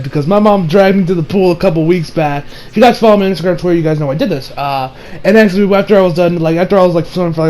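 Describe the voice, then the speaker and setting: A man's voice: a little high, a little mellow, poor audio. A man reviewing an anime episode in a rambling, casual way, swearing freely and restarting his sentences. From United States. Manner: rambling, profane, many fillers and restarts.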